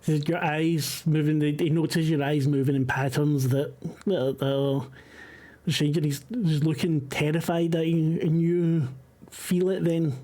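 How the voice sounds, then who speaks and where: Man, game master narration, slightly higher pitch, hesitant fillers. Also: little pitch movement, measured pace, mellow.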